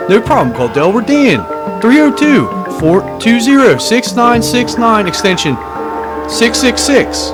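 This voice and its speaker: A man putting on a pushy male infomercial announcer for a mock coffee advert, with loud, drawn-out sales patter. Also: very high voice, very animated, music in the background, voice pushed up, exaggerated voice. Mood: hard-selling.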